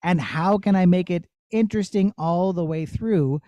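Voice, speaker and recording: A man who works as a puppeteer, answering children's questions in a playful, animated way on a video call. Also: high voice, moderate pace, dry recording, dull audio. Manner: animated, storytelling tone with silly asides.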